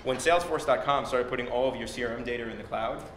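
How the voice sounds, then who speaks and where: A man on a discussion panel, arguing his point quickly with many restarts. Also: mid-range voice, fairly bright tone. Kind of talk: conversational panel talk. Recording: echoey room, faint noise.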